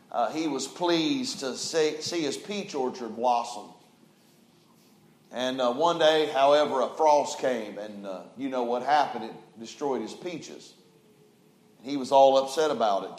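A man preaching a sermon, telling folksy stories and building to fervent calls. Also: medium pitch. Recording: roomy echoing hall.

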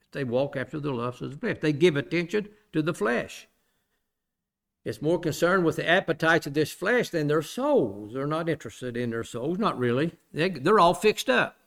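Preacher guy, fairly high voice for a man, repeats himself for emphasis, loud then quiet, lots of don't we. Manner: plain-spoken, repeats phrases for emphasis, asks the listeners rhetorical questions; swings between loud emphatic bursts and quiet low asides. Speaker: pastor teaching a Bible study. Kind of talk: sermon.

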